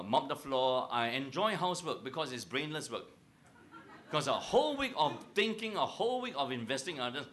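A man's voice: a little high, a little hiss or hum. A middle-aged man preaching a humorous sermon, joking with and teasing his audience and asking them questions. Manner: joking, teasing, animated, asks the crowd questions. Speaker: pastor.

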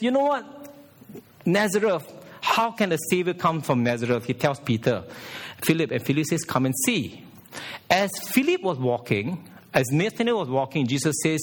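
A male pastor delivering a sermon in a church, his fairly high voice swinging widely in pitch. He preaches with animation, leaning on emphasis and slipping into quoted lines. The delivery stays energetic and expressive throughout.

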